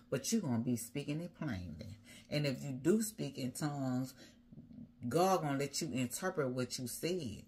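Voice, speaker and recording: A woman with a low, husky voice preaches a rhythmic sermon. She piles up repeated phrases and rhetorical questions as she drives her points home. Her tone is deep and slightly breathy throughout. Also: lively intonation, normal speed, darkish tone. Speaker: prophetess preaching.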